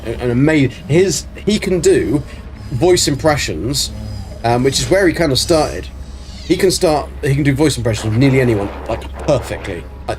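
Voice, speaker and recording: A man's voice: mid-range voice, darkish tone, a little hiss or hum. A man chatting casually on a game live stream, rambling with many ums while reading chat aloud.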